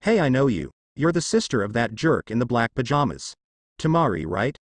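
A man's voice: mid-range voice, sing-song, moderate pace, no echo. A man voicing a cheerful, clueless teenage boy ninja, eager and earnest, close to his own voice.

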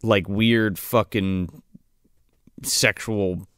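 A man's voice: fairly low pitch, fairly even intonation, very slow, a bit bright, smooth, dry recording, studio quality. A man co-hosting a casual movie podcast, rambling and swearing freely, often laughing mid-sentence. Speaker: podcast co-host.

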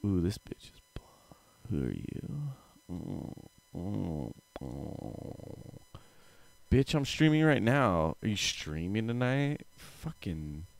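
A man hosts a livestream call-in show, wearing headphones, and talks crudely and profanely, insulting callers in a brash, rambling way. His fairly low, creaky voice swoops wildly in pitch as he speaks slowly with long pauses, and there is no echo.

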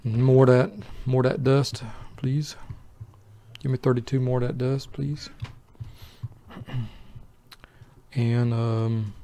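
An older man narrates gameplay slowly and lazily, his voice gravelly and dark. He mutters to himself, drawls and trades quips with an imagined buddy, as if trying to lull listeners to sleep. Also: mid-range voice. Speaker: let's play host. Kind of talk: slow gameplay commentary for falling asleep.

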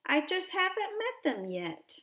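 A woman reading a counting picture book aloud with expression, stopping to ask a child gentle questions. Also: extremely high pitch, wildly swooping pitch, unhurried. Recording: roomy echo.

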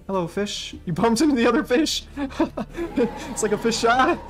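A man's voice: extremely high pitch, expressive, measured pace. A young man streaming a game live, chatting and rambling, shrieking and laughing when startled. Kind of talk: live gameplay commentary. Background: faint game music.

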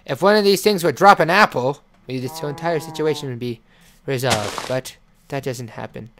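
A man with a slightly bright voice, on the high side, rambles through casual let's-play commentary on his survival game at a moderate pace. He leans on fillers and melodramatic mock apologies while game music plays behind him.

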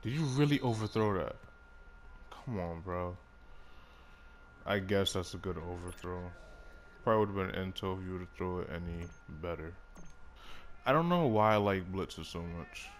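A young man with a low voice talks through his own football video game in loose, swearing commentary. His pitch swings all over the place, jumping high when a play goes wrong. A faint hum of room sound sits under his desk mic. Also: animated, normal speed, pauses often. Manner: swears freely, frequent outbursts at the game. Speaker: gaming YouTuber. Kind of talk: casual live commentary over gameplay.

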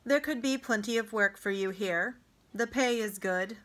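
A woman voicing a shrewd, indifferent middle-aged male king in a storybook reading, in a flat, quietly probing manner. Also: medium pitch, normal speed, close to an everyday voice.

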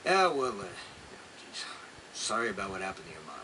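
A gruff careless cop in a game cutscene, offhand and dismissive, noisy game audio. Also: male voice, low-pitched, sing-song, brisk, sharp tone, exaggerated voice. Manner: casual, dismissive, rough working-class speech. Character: gruff dismissive adult male police officer. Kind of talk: dubbed video game cutscene.

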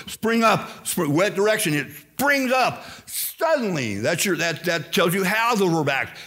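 An older man from Indiana with a slight Southern-sounding accent, preaching an emphatic sermon as pastor. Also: high-pitched. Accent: slight Southern-sounding American. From Indiana, USA. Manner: emphatic, animated preaching with quoted asides.

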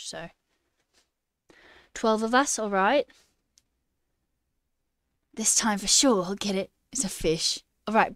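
A new software engineer who livestreams chats casually, reading chat aloud while playfully putting on a mock British accent and laughing often. Her mid-range voice is captured dry with clean studio sound.

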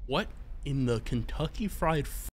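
A young man giving lively commentary on a horror game from home, swearing and screaming when scared. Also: on the high side, unhurried, slight background noise. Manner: jumpy, swearing, screams in fright. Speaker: gaming YouTuber. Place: home room with his dog nearby.

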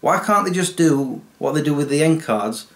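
A man's voice: on the high side, lively intonation, normal speed. Chatty male YouTuber rambling to camera. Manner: rambling and chatty, with many fillers. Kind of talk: casual vlog chat to camera.

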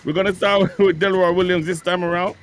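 A man hosting a live radio contest, laying out the rules briskly and repeating himself. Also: sits high, level tone. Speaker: radio host and clash referee.

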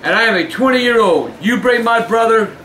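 An older man hosting a show, reading fan mail aloud in casual chat, gruff and given to shouting and cursing. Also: very high-pitched, expressive, moderate pace. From Southern US. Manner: gruff, shouts and curses in bursts. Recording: echoey room with faint noise.

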